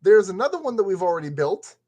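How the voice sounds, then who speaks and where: A man's voice: high voice, sing-song, fast talker, a little mellow. A man building a model kit and commenting casually as he works, playfully talking to the parts. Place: at a work table.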